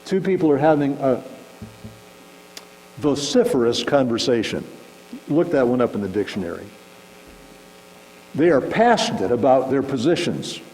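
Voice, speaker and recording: A man delivers a relaxed, conversational sermon, now and then acting out little scenes to make his point. His voice rings with a long hall reverb, and a faint electrical hum sits underneath. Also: mid-range voice, normal speed, pauses often. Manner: conversational, animated, acts out shouting examples. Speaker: pastor. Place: church sanctuary.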